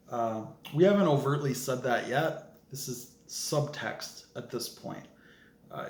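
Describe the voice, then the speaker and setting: Rambling male writer in an echoey room. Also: medium pitch. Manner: rambling, with many fillers. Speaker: fiction writer. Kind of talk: casual vlog explanation of a story.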